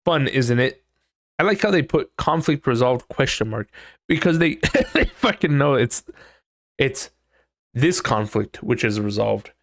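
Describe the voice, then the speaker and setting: Man, podcast host, animated pitch, swears a lot, dry close sound. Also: a little slow, pauses often, no room sound. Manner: swears freely, thinks aloud while reading; acts out quoted people in exaggerated voices. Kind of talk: casual solo podcast chat.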